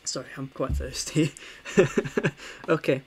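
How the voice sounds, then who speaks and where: A young man, casually talking through a chess game for stream viewers, animated and full of ums and restarts. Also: mid-range voice, slow, breathy edge. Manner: animated, with frequent fillers and restarts.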